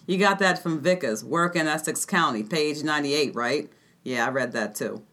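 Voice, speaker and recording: A woman voicing a cocky young working-class male genius in a put-on Boston accent, delivering a scornful rapid-fire put-down. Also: sits low, fairly bright tone, voice pushed down. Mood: mocking.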